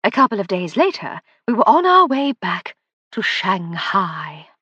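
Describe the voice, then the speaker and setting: A composed upper-class lady speaks with cool, crisp poise, as a woman narrator plays her. Her voice is slightly husky and close to the mic, without room sound. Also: medium pitch, very animated, measured pace, pushed and bright, no room sound, muffled recording, exaggerated voice. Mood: grim.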